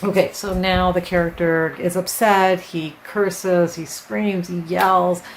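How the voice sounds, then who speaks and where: A woman with a low, gravelly voice teaches writing in a relaxed, conversational way, walking through an example step by step and checking in with the listener. A faint background hiss sits under her voice. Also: takes it slowly, low-quality recording. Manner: conversational, explains with examples and frequent "right?". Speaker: writing teacher, channel host. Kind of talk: casual instructional talk to camera.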